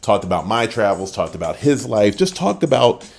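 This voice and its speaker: Deep-voiced older man telling a story. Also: moderate pace, vocal fry. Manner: animated, acts out quoted voices, trails off at the end. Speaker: podcast host. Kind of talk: casual storytelling.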